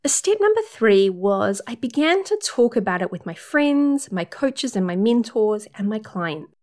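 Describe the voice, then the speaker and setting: A woman's voice: medium pitch, big pitch swings, measured pace, darkish tone. A woman working as a period coach, talking through numbered tips in an upbeat, casual advice monologue.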